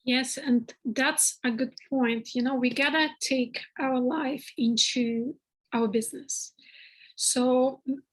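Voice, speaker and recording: A woman's voice: high-pitched, steady tone, slow, husky, rough recording. A woman hosting an interview, giving earnest advice with frequent restarts. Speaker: podcast host. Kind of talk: conversational interview.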